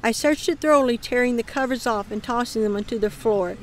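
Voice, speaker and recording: A woman reading her dream account aloud in a calm voice that often drops to a murmur. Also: on the high side, a little fast. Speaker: ministry dream teller.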